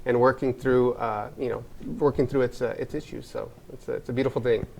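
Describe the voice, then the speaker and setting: Fast-talking earnest American man. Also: medium pitch, fairly even intonation, vocal fry, darkish tone, a little hiss or hum. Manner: earnest, rambling with many fillers and restarts. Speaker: wellness spa owner, guest. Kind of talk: casual interview talk.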